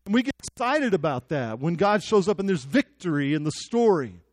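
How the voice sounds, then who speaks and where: A man's voice: high-pitched, very animated, moderate pace, dry recording. A young man preaching a sermon, telling the story with jokes and acted-out quotes. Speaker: pastor.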